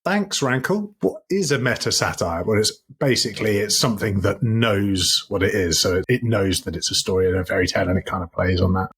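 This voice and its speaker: A man from the UK co-hosting a casual podcast chat, enthusiastic and quick to laugh. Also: low-pitched, flat delivery, a bit bright, slight background noise. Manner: enthusiastic, laughs often, quotes film lines in playful voices. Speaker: podcast co-host.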